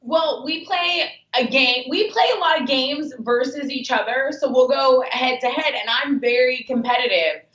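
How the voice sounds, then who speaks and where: A woman's voice: sits high, fairly bright tone, roomy sound, dull audio. A woman guest on a sports radio show, chatting candidly and telling stories with lots of "like". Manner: candid, fast storytelling with "like" fillers. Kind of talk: casual radio chat.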